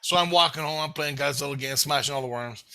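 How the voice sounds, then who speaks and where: A middle-aged man telling a rambling childhood story in casual chat, swearing constantly and acting out his own shouted thoughts. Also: fairly high pitch, quick pace, gravelly. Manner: animated, swears constantly, shouts quoted self-talk. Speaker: storyteller guest.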